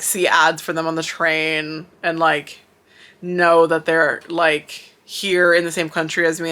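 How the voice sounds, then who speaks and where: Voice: mid-range voice, bright, forceful tone. A young adult vlogger in Japan talking to camera, teary and emotional, gushing and rambling with lots of fillers. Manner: gushing, filler-heavy, rambling with many likes. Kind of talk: emotional fan vlog talk to camera.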